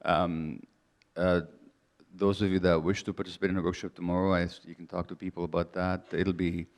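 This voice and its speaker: A man in his seventies from Hungary, hosting a live event and giving halting closing remarks with many restarts. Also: low voice, level tone. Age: 70s. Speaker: event host.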